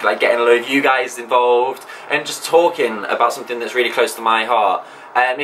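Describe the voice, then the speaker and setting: A man's voice: medium pitch, pushed and bright, slight background noise, poor audio. A man hosting his own video channel, talking to camera in an enthusiastic, chatty way with frequent ums. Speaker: channel host. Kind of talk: casual vlog talk to camera.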